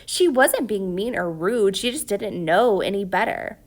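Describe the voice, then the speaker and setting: A woman narrating an audiobook in a quiet, reflective way, sometimes dropping to a whisper. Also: medium pitch, lively intonation, measured pace.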